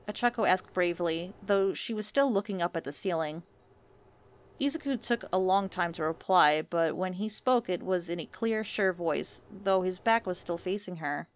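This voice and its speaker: A woman narrating romantic fan fiction in a soft, unhurried reading voice. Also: lowish voice.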